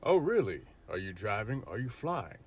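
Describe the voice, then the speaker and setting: A man's voice: on the low side, sing-song, normal speed, darkish tone, slightly rough. A man performing a comedic skit who sounds exasperated and swears freely.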